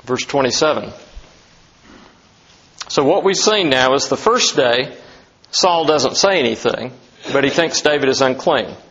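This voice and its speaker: A man's voice: medium pitch, a bit bright, highs cut off. A man preaching an expository sermon as a pastor, talking emphatically and asking many rhetorical questions.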